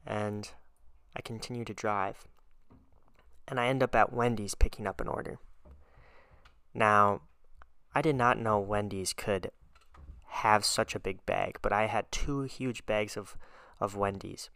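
A man hosts his podcast solo, telling everyday stories in a chatty, animated way with frequent laughs. His voice sits low, smooth and resonant, recorded close and dry with no room sound. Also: a little slow, long pauses, no room sound. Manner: chatty, animated storyteller who laughs often. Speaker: podcast host. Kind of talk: casual storytelling monologue.

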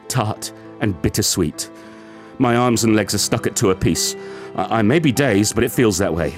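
A wounded shape-shifting being recounts its collapse in a tense, halting voice, as a man reads it aloud from a book. The voice sits at an ordinary mid pitch, and soft music plays faintly underneath. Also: close to an everyday voice. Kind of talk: dramatic book excerpt reading.

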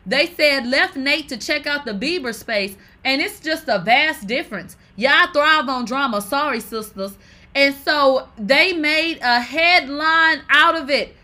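A woman runs through celebrity fan drama in casual commentary. Her voice sits high and sounds bright and forceful. She talks in an animated, profane way with dramatic exclamations. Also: unhurried. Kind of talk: casual pop-culture commentary.

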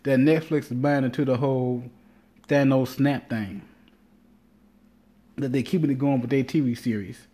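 Dude with a mellow voice rambling on his podcast, cussing a lot, acting out what people said. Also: medium pitch, steady tone, moderate pace, pauses often. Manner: loose, rambling, swears freely, acts out quotes. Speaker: podcast host. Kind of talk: casual monologue.

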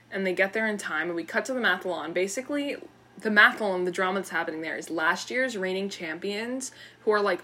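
Animated woman recapping a movie plot. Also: lowish voice, husky. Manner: animated storytelling, acts out characters' lines, many "like" fillers. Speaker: podcast co-host recapping a film. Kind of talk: casual chat. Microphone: studio microphone.

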